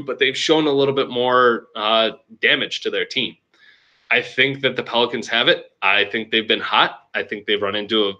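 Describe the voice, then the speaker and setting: Young male league host, bright tone, casual rambling fantasy recap. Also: medium pitch. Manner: loose, joking, rambling with restarts.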